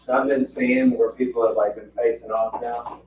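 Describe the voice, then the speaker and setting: Male, casual talker, quick interjections, far from mic, heavy room echo, muffled. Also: mid-range voice, level tone, a little mellow, slight background noise. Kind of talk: casual chat. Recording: very echoey, distant, muffled audio.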